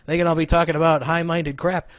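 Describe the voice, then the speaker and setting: A man hosts his own podcast with a casual, joking ramble and a slightly high voice. The recording is dry and close, with no room echo. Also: little pitch movement, fast. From Southern Illinois. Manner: joking, rambling, self-deprecating. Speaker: podcast host. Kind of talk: casual chat. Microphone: remote call setup.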